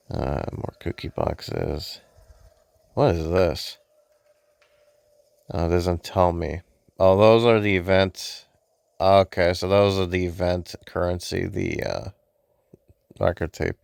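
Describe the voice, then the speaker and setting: A man casually commenting on a game he is playing, relaxed and hesitant with many fillers, sounding sleepy. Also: deep voice, gravelly, no echo. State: sleepy, yawning. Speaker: gameplay video host.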